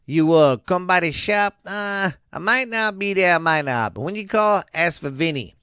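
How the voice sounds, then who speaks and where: A man's voice: sits high, animated, normal speed, sharp tone, smooth, dry recording, clean studio sound, voice pushed up. A man voicing a brash, cursing tough-guy insurance salesman in a comic fake ad. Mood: sleazy swagger.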